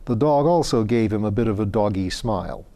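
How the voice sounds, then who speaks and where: A man reading a story aloud in a calm, measured narration. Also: lowish voice. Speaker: audiobook reader.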